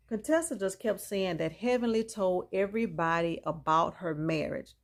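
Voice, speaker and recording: An unhurried woman with a lowish voice recaps reality TV in a casual, gossipy way. She speaks straight to viewers, offering strong opinions and mixing in reactions.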